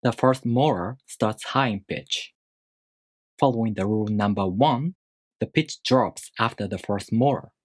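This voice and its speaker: A man teaching a language lesson, explaining rules step by step in a measured, scripted way. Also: fairly low pitch, no room sound, clean studio sound.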